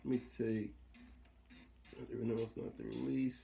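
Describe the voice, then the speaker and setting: A man's voice: medium pitch, flat delivery, unhurried, creaky, mellow. A man talking casually through a hands-on equipment demo, thinking aloud and trailing off mid-sentence. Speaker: equipment demonstrator.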